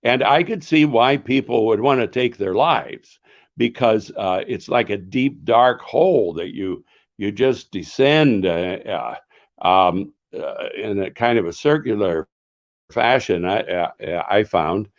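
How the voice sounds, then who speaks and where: An older man, an author and former pastor, answering questions in a live author session in an earnest, reflective way, often pausing to search for words. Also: lowish voice, expressive, highs cut off.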